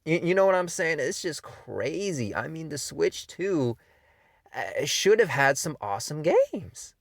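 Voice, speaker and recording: A man's voice: a little high, sing-song, unhurried, creaky, no echo, studio quality. A man giving an angry, profane rant about video games, full of exasperated "you know" and "man". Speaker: video game commentator. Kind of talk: angry ranting commentary.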